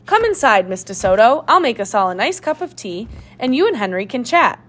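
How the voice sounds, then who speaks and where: A woman's voice: a little high, big pitch swings, a little fast, fairly bright tone, a little hiss or hum. A woman doing a fussy, chattering housewife. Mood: chatty.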